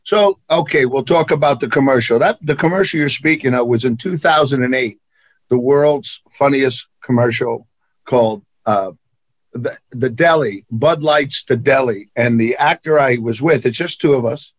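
At medium pitch and a moderate pace, with no echo, a man with a New York accent tells animated stories as an interview guest. He's an actor and martial arts instructor, punchy and emphatic, repeating phrases for effect.

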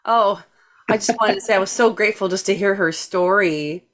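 A woman's voice: medium pitch, moderate pace, over a noisy crowd. A woman guest on a talk show, speaking in a heartfelt, effusive way about her faith. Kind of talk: emotional testimony.

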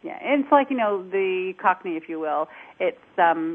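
Accent coach guest, a lower-voiced woman, lively explainer, heard over a phone line. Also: normal speed, a little hiss or hum. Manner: animated, demonstrates accents while explaining. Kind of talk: conversational interview.

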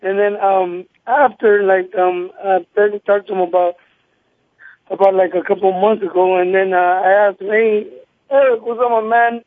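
A man in his thirties, a former boxing champion, telling animated stories over the phone and acting out the people he quotes. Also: high-pitched, moderate pace, no echo. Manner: animated, acts out quoted people, many restarts. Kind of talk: casual phone interview storytelling. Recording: tinny phone line, dry.

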